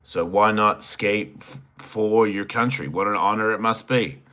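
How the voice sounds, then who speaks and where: A man's voice: lowish voice, steady tone, unhurried, sharp tone. A man with an Australian accent, hosting a solo livestream, reading chat questions and answering in a crude, teasing, rambling way. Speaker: host.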